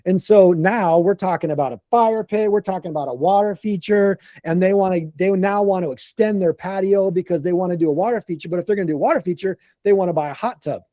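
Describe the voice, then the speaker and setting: Man, contractor telling a story, animated and quick to act out quotes, slightly high voice, mellow tone, dry sound. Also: no echo. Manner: animated, acts out quotes, frequent restarts. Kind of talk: casual storytelling.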